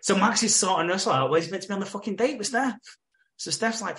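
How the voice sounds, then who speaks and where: A man from England, podcast co-host, casually recapping soap episodes with lots of swearing and quick quoted lines. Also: high voice, a bit bright. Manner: sweary, retells scenes with quick quoted voices.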